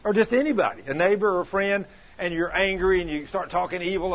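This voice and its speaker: A preacher delivers a church sermon in a high, husky voice. He retells stories folksily, asks the congregation questions and rises to shouts. The recording sounds dull and lo-fi. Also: fast talker. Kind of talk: sermon with retold testimony.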